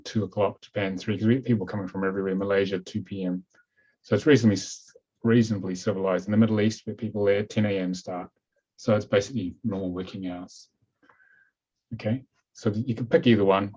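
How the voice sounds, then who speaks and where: Husky low-voiced New Zealand man. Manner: relaxed, chatty, says "okay" a lot. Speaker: webinar host. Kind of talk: casual webinar talk. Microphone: computer mic on a video call. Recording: dull lo-fi video call audio.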